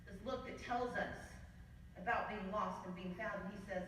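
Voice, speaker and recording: A woman from the Mississippi Gulf Coast giving a storytelling campaign speech at a party gala, measured and building through repetition. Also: mid-range voice, fairly bright tone, a little hiss or hum. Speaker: keynote speaker at a party gala. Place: large event hall. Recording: echoey hall, distant mic.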